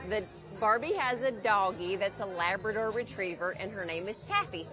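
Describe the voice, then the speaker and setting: A woman's voice: mid-range voice, moderate pace. Casting: Southern woman, collector guest, eager and emphatic, live field interview, music and chatter behind. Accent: Southern American. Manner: enthusiastic, emphatic. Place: indoor collectibles show. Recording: event music and crowd behind.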